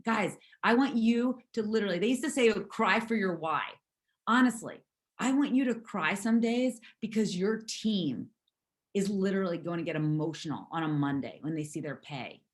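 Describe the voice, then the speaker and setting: A hoarse woman leading a motivational team call, emphatic and repetitive as she urges her team on. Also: medium pitch, moderate pace. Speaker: network marketing team leader.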